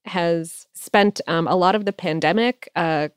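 Woman podcast co-host, smooth low-ish voice, hesitant, dry studio sound. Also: measured pace, no echo. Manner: hesitant, many fillers and restarts. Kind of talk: casual chat.

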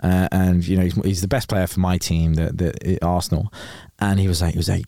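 A man, a radio presenter guest telling an animated anecdote in casual chat, acting out quoted lines as he goes. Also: deep voice, a little fast, creaky, few pauses, no room sound, clean studio sound.

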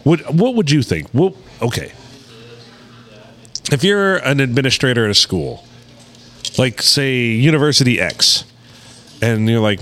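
A man's voice: mid-range voice, normal speed. A man co-hosting a podcast, joking in casual banter. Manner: joking, animated, breaks into silly whispered bits. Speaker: podcast co-host. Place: indoor studio.

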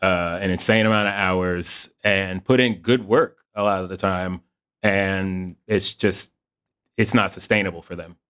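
A man's voice: deep voice, fairly even intonation, measured pace, fairly bright tone, clear, resonant tone. A man producing and co-hosting a podcast, chiming in with short agreeing remarks. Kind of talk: casual chat.

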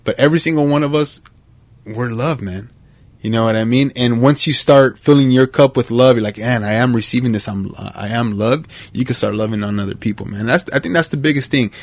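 A man hosting a podcast, talking in a casual, heartfelt and animated way, dropping "man" and "bro" constantly. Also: medium pitch, brisk, no room sound. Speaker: podcast host.

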